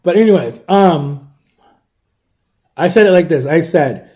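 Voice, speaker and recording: Warm-voiced man telling a storytime vlog. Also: fairly high pitch, a little slow. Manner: animated retelling, keeps quoting both sides of a conversation. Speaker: vlogger telling a personal story. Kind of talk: casual storytime.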